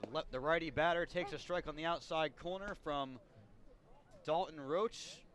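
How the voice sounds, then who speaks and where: Baseball play-by-play guy, kinda high voice, laid back and chatty. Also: moderate pace. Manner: relaxed, chatty, rises on big plays. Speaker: play-by-play announcer.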